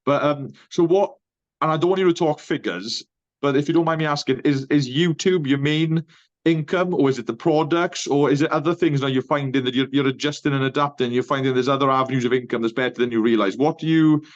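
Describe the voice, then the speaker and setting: A man hosting an interview fires off long, rambling questions at a brisk clip. His voice comes through a muffled, lo-fi video call. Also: a little high. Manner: rambling multi-part questions. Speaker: interview host, coach.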